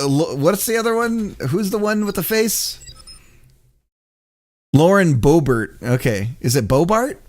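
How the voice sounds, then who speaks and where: Man, game dev streamer, rambling casual chat, animated pitch. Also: a little slow. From United States. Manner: rambling and chatty, laughs often, swears freely. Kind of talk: casual live-stream chat while coding.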